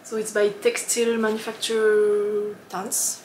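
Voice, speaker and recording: A woman's voice: medium pitch, monotone, unhurried, a little mellow, echoey room. Woman podcast host, casual chat, giggly and rambling, mid-range voice, faint background hiss. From lives in Switzerland. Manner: chatty and giggly, with frequent ums and laughs.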